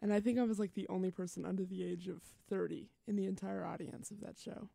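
A woman's voice: medium pitch, fairly even intonation, fast talker, gravelly, dark tone, no echo, studio quality. A young woman co-hosting a student radio show, chatting casually and teasing her co-host with frequent giggles. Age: young adult. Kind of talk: casual chat.

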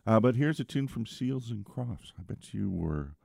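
A middle-aged man hosting a radio music show, talking in a laid-back, chatty way with lots of small pauses. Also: on the low side, lively intonation, creaky, darkish tone, no echo, studio quality. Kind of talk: casual radio show patter.

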